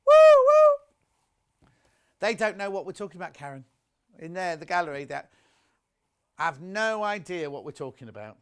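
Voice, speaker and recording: A man's voice: on the high side, animated, fairly quick, a bit bright, clear, resonant tone. A man presenting a live home shopping broadcast, chatty and gushing, reading out viewer messages as he shows products.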